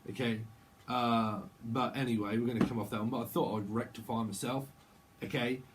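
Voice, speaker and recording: A man's voice: medium pitch, steady tone, fairly quick, noisy background. A middle-aged man doing a casual, rambling tarot channeling monologue. He jumps playfully from word to word and laughs often. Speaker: tarot reader.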